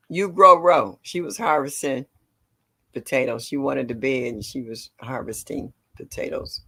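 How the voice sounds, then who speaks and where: An older woman hosting a casual gardening livestream, greeting viewers by name and chatting warmly. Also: sits low. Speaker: livestream host.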